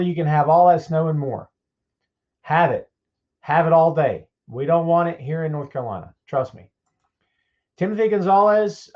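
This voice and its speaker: A man hosting a live-streamed podcast, reading out viewers' names and chatting with them in a folksy, upbeat manner. His voice sits a little high for a man. The audio is slightly dull and lo-fi. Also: a little mellow. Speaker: podcast host.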